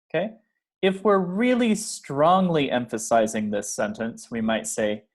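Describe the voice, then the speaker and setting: A man teaching English pronunciation, slowly modeling example phrases and checking in with the learner. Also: medium pitch, expressive. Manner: checks in with "okay?" and "right?". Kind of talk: pronunciation lesson.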